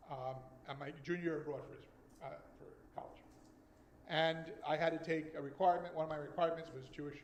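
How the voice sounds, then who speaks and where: An American man in his sixties telling a personal story at a Friday night service, then reading a poem slowly and deliberately. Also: a little high, darkish tone, slight background noise. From United States. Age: 60s. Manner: conversational, with slow deliberate reading. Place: synagogue sanctuary. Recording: echoey room with faint ambience.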